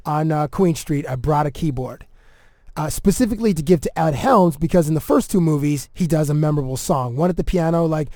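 This Canadian man is a TV entertainment reporter guesting on a podcast, sharing an anecdote in casual chat. He's animated, acts out quotes, and uses lots of fillers. His pitch is fairly high and his pace a little fast, captured in clean studio sound with no echo.

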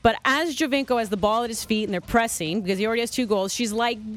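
A woman's voice: fairly high pitch, quick pace, few pauses. Chatty woman sports radio host. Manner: chatty, animated storytelling.

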